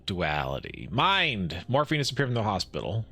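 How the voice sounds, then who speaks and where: A man streaming a game live, reading the dialogue aloud with quick asides and frequent laughs. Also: lowish voice, huge pitch swings, pushed and bright, husky, faint music behind.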